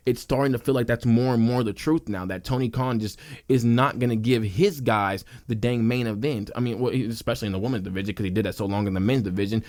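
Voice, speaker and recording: A man's voice: fairly low pitch, a little mellow. A young man hosting a wrestling podcast, ranting passionately in a casual, worked-up way and repeating himself for emphasis. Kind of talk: casual opinion rant.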